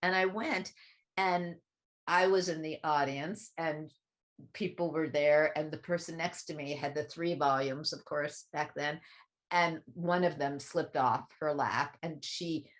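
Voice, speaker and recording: A woman with a notably low speaking voice talks through a personal memory in easy conversation. She is reflective and thoughtful, then turns lively whenever she quotes someone else. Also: measured pace. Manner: reflective, animated when quoting others. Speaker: guest speaker on spiritual teaching. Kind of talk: conversational storytelling.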